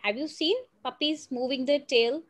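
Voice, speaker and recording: High-voiced woman teaching phonics. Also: a bit bright. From India. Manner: patient, coaxing, sounds words out slowly. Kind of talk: teaching young children with a story.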